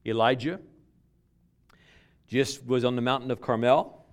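A man preaching a sermon as pastor, telling stories with repeated words and restarts, dropping from loud emphasis to hushed near-whispers. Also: mid-range voice, fairly even intonation, measured pace.

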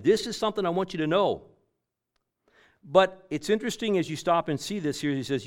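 A man preaching a sermon, repeating key phrases and swinging between loud emphatic lines and quiet, trailing endings. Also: medium pitch.

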